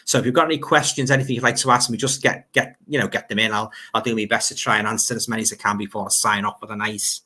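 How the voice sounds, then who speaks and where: A man's voice: lowish voice, fairly even intonation, quick pace, hardly any pauses, bright, forceful tone. A man with a Liverpool accent hosting a casual livestream, reading out viewer comments and chatting in a rambling way, often repeating words as he goes.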